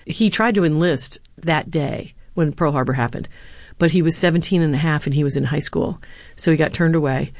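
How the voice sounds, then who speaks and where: A woman's voice: low voice, fairly even intonation, normal speed, dark tone, dry recording. Earnest woman telling stories in an interview. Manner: earnest, anecdotal, with occasional fillers. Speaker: former speechwriter and university lecturer. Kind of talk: interview answers, storytelling.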